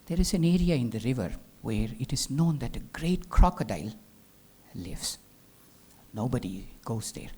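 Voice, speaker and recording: A man giving a spiritual talk as a teacher, telling a legend as an animated storyteller who drops into hushed whispers. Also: fairly low pitch, creaky, husky. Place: live talk venue.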